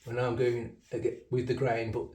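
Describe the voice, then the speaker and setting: A man's voice: medium pitch, completely flat delivery, moderate pace, a little mellow, roomy sound, distant mic. A man with a Black Country accent, chatting casually while shaving, often correcting himself and laughing. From Black Country, England. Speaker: shaving channel host. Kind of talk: casual rambling shaving commentary.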